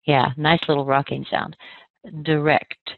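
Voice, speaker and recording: Patient American woman teaching pronunciation. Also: low-pitched. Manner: patient, clear, demonstrates sounds slowly. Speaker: accent trainer. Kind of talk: pronunciation lesson. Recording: dry, phone-like narrow sound.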